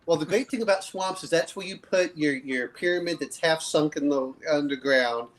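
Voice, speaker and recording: A man's voice: on the high side, moderate pace, a loud crowd, low-quality recording. A man from the southern US hosting a casual group chat, rambling, restarting his sentences and laughing often. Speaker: livestream host.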